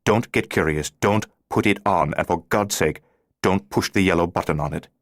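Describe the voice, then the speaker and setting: A man's voice: low-pitched, moderate pace, dry recording, clean studio sound, lightly acted. A man doing a terse, urgent male stranger.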